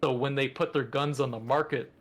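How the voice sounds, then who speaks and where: A man's voice: medium pitch, fairly even intonation, brisk. Man, podcast co-host, casual chat, enthusiastic, rambling, filler-heavy.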